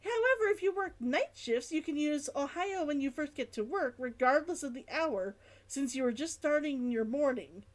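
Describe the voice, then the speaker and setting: A woman's voice: high voice, animated, normal speed. A woman streamer chatting casually on a live stream, musing aloud and reading out chat comments.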